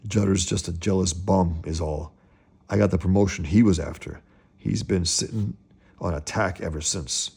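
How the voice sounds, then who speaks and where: A man's voice: sits low, normal speed, darkish tone, exaggerated voice. A man voicing a blustering, bullying middle-aged father who hectors his son. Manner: gruff, hectoring.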